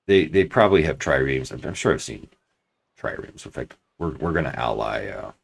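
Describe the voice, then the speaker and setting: Very deep gravelly man planning his game moves. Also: big pitch swings, normal speed. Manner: thinking aloud, restarts and hedges while planning. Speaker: let's play commentator. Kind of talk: casual strategy game commentary.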